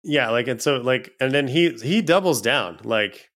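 A man's voice: mid-range voice, animated, fairly bright tone. A man co-hosting a podcast, talking casually with many fillers and restarts and a frustrated tone. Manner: halting, filler-heavy, exasperated. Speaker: podcast co-host.

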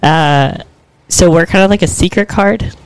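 A woman's voice: on the low side, measured pace, slight background noise, poor audio. A woman from Pennsylvania, a podcast guest, talking casually in a brash way, swearing and laughing often. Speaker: podcast guest, arm wrestler. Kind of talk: casual chat.

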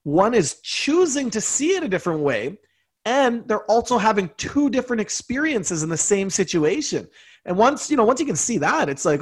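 A man's voice: high voice, big pitch swings, moderate pace, husky. A man speaking as a guest in a casual conversation, reflective and earnest.

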